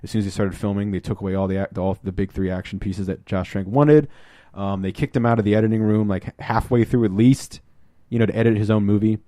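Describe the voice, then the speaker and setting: Lowish man retelling a film, rambling. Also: steady tone, fast talker, warm tone, no echo, clean studio sound. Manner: rambling retelling, acts out quotes in shifting voices. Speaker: podcast host. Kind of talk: casual chat.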